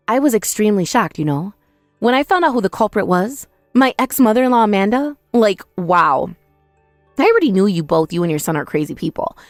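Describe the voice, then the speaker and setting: A woman's voice: medium pitch, no room sound. A woman narrating a dramatized first-person story in a confrontational, scolding way.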